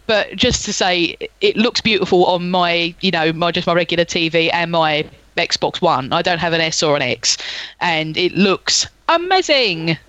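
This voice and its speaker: A man co-hosting a gaming podcast, chatting casually and teasing the others with quick quips. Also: fairly high pitch, fairly even intonation, pushed and bright, no room sound. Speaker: podcast co-host. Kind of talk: casual chat.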